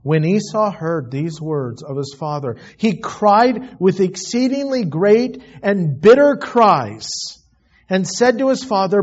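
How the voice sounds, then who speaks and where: A man's voice: high-pitched, animated, slow, highs cut off. A man preaching a sermon, reading scripture aloud and then commenting in plain asides. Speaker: pastor. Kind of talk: expository sermon.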